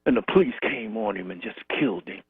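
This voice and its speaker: A man's voice: fairly low pitch, lively intonation, fast talker, vocal fry, slightly rough, no room sound. A man calling in to a talk show, remembering a friend in rhythmic, repetitive storytelling. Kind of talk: call-in tribute remembrance. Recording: tinny phone line.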